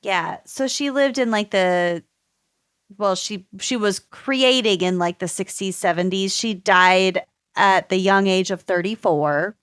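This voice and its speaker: A woman's voice: medium pitch, unhurried, fairly bright tone, smooth, dry recording, clean studio sound. A woman podcast co-host in casual chat, loosely reading her research notes, swearing and laughing often.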